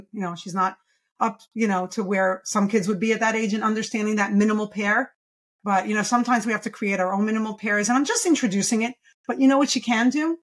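A woman speech therapist as a podcast guest, talking enthusiastically and emphatically, posing rhetorical questions as she explains. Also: mid-range voice. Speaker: pediatric speech-language pathologist guest. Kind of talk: podcast interview.

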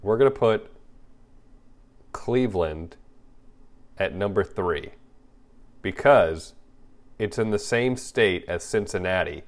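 Man, podcast co-host, low voice, dry teasing banter, casual chat. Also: animated, takes it slowly, pauses often.

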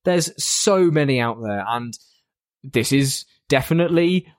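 A man's voice: mid-range voice, expressive, a little slow, no echo, clean studio sound. A man co-hosting a podcast in casual chat, teasing and playful, laughing often. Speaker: podcast co-host.

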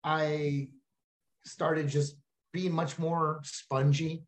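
A man with a Texan accent, a comedian chatting casually and telling animated stories as a podcast guest. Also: fairly high pitch, drawn-out words. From Texas. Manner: animated storyteller, slips into silly voices.

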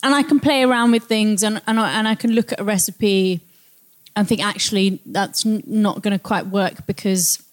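A woman chats on as a guest baker, her voice sitting at an ordinary middle pitch. She is talkative and thorough, with easy laughs between her sentences. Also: fairly even intonation, normal speed. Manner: chatty and detailed, laughs easily. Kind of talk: casual chat.

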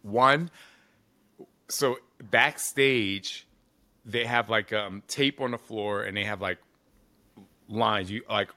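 Animated and expressive, a man in his forties tells stories in a laid-back interview. His voice is on the low side, and he leans on "like" with the odd swear word.

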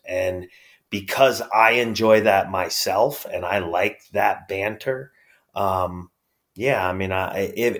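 A deep-voiced middle-aged wrestler from upstate New York, with a New York accent, chats as a guest in a casual interview. He's laid-back, using lots of fillers and laughing easily.

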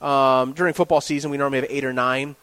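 A man's voice: mid-range voice, fast, clean tone, dry recording, poor audio. A man, a sports director telling rambling stories in a casual podcast interview. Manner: rambling, animated storytelling with restarts. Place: restaurant.

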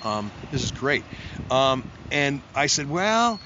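The recording cuts off the highs and has a noisy background as a medium-pitched man speaks slowly. He's a musician guest in a casual interview, telling long stories that wander and break off, acting out quotes in a raised voice.

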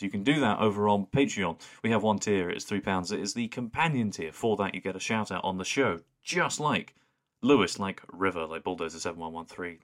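A man's voice: low voice, fairly bright tone. A man co-hosting a podcast in casual chat, easygoing and rambling, often restarting his sentences. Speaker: podcast co-host.

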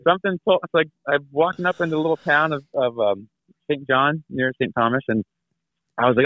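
A man's voice: medium pitch, fast, dry recording. A man in his thirties telling a long travel story over a call, rambling and laughing as he acts out the people in it. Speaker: guest. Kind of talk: casual storytelling. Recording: tinny phone-like line.

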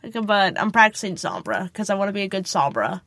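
Wry woman cohost, deadpan jokes n cussing, mid voice, no room echo at all. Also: medium pitch, a little fast. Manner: sarcastic, swears, deadpan asides. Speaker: podcast co-host. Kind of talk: casual chat. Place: small closet at home.

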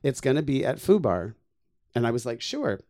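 A man who performs in drag, telling comic stories in casual chat, animated and swearing often as he acts out the people in them. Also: medium pitch, fairly quick, no room sound, clean studio sound.

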